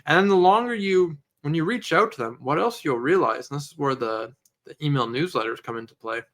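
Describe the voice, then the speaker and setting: A podcast co-host with a fairly high voice chats casually and fairly quickly. He's an animated storyteller who acts out his conversations with customers.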